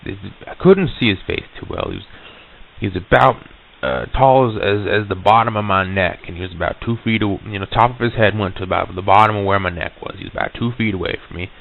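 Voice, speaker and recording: A man telling of an eerie encounter in the first person, halting, with many fillers and restarts, heard on an old lo-fi reel-to-reel tape. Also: fairly low pitch, gravelly.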